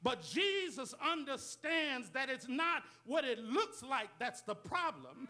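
A male pastor preaching in a call-and-response style, dropping amens and putting rhetorical questions to the congregation. His voice is strikingly high and bright, with a forceful ring. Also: big pitch swings, slow. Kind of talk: sermon.

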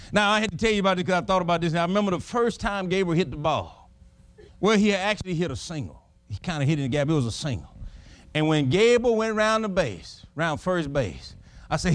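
High-voiced preacher with a drawl. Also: male voice, no echo. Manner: preacherly, dramatic storytelling with shouted exclamations. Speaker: pastor. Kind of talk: sermon.

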